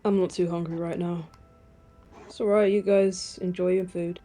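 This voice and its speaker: A woman voicing Ryan, a quiet, awkward young man, in close to her own voice. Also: on the low side, flat delivery, normal speed, soft background music, lightly acted. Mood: politely declining. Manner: quiet and reserved.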